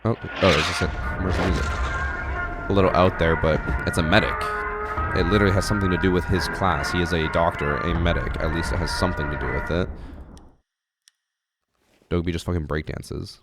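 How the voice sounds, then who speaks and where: A man's voice: sits low, fairly even intonation, brisk, long pauses, over loud music. A congested male streamer chatting casually and wryly with his chat about a game. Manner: chatty, answers chat, wry.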